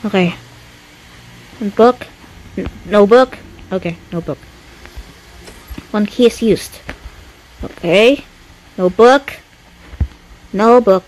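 A woman's voice: mid-range voice, slow, pauses often, a little mellow, a little hiss or hum, low-quality recording. A woman commentating her own horror game playthrough, talking to herself, easily startled and swearing often, scared with shaking hands. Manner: jumpy, swears a lot, talks to herself. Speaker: gaming YouTuber.

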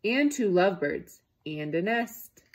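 A woman reading as a calm, helpful storybook pig. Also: fairly low pitch, unhurried, slight background noise. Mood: matter-of-fact. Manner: patient, reassuring advice. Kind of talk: reading a picture book aloud to children.

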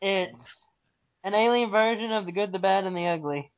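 A man's voice: sits high, normal speed, no echo, muffled recording. A man joking casually on a cartoon commentary, calling out pop-culture references as they come. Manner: jokey, blurts out references.

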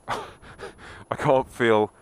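Riding his motorbike through the snow, a man narrates a casual video diary, cursing and sounding exasperated throughout. He speaks very slowly, and the recording quality is low.

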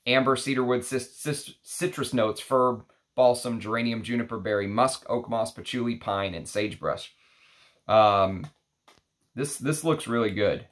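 A man's voice: medium pitch, unhurried. A man chatting casually as a fragrance reviewer, rambling and thinking aloud as he unpacks samples. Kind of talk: casual unboxing chat.

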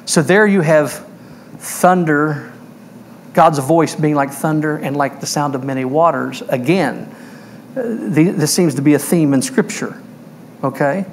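Slow, emphatic preaching man. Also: on the high side, vocal fry, slight background noise. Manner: emphatic, asks the congregation questions. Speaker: pastor. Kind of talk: verse-by-verse sermon. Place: church.

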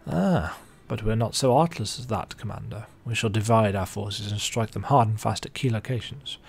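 A man's voice: fairly low pitch, moderate pace, vocal fry, breathy edge. A man reading the lines of a stern female pirate admiral in a game, giving clipped orders. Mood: commanding.

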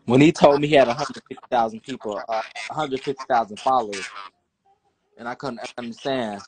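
A man's voice: mid-range voice, brisk, darkish tone, low-quality recording. A man co-hosting a casual chat show, joking and laughing often. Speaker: host.

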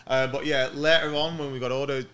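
Mancunian male guest, quick talker, matter-of-fact, casual. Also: medium pitch. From Manchester, England. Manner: relaxed, matter-of-fact storytelling. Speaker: guest cook. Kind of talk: casual podcast chat.

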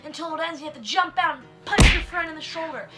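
A young woman giving a sarcastic, animated comedic commentary on a book of stories, with mock outrage. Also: sits high, quick pace. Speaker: book reviewer. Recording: faint music underneath.

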